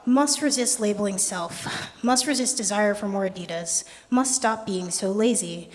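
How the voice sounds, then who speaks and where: A young adult poet giving a poetry reading with a wry, conversational, deadpan delivery. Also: mid-range voice. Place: art gallery performance space. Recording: long reverb of a gallery hall.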